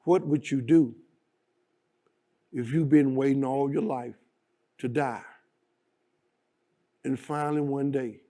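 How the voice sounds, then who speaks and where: A man giving a slow, solemn and prayerful personal testimony. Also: mid-range voice, mellow. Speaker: guest speaker.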